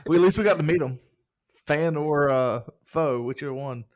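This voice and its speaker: A man's voice: fairly high pitch, normal speed. A man co-hosting a podcast in casual chat, upbeat and joking while reading out listener reviews. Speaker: podcast co-host.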